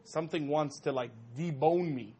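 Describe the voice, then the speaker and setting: Male storyteller, slightly high voice, animated and laughing, casual talk. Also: moderate pace, breathy edge. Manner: animated, laughing often, heavy use of "you know". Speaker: storyteller speaking to an audience.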